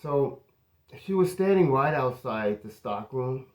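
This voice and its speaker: A pastor telling a personal testimony in an earnest, conversational way. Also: male voice, mid-range voice, animated, takes it slowly, a little mellow.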